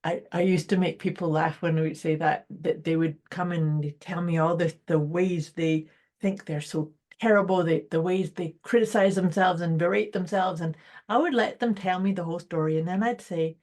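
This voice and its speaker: A woman's voice: lowish voice, fairly even intonation, moderate pace, a little mellow. A woman co-hosting a podcast, speaking in a reflective, encouraging way. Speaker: podcast co-host. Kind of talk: casual chat.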